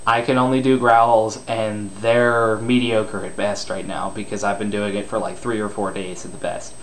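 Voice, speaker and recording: A man's voice: on the low side, little pitch movement, normal speed, fairly bright tone, a little hiss or hum. A man giving a casual spoken tutorial on screaming, loose and rambling, self-deprecating and crude.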